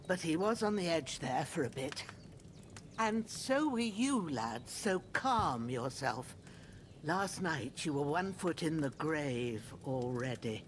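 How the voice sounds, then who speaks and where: An old rustic healer woman in a video game, fussing over a wounded young man in a slow, folksy drawl. Her pitch rises and falls a lot as she scolds and soothes. A faint hiss of noise sits behind her. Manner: homely folksy dialect, fussing and motherly.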